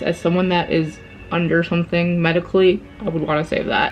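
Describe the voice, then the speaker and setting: A woman's voice: lowish voice, lively intonation, brisk, a little mellow, low-quality recording. Chatty woman reacting to a quiz. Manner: chatty, reads quiz prompts aloud and reacts; frank, swears casually. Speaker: book vlogger. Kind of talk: casual vlog chat.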